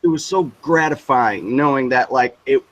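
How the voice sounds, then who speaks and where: Animated young man telling a wild story. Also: mid-range voice, normal speed, a little hiss or hum, low-quality recording. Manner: animated, profane, mimics voices in the story. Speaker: guest.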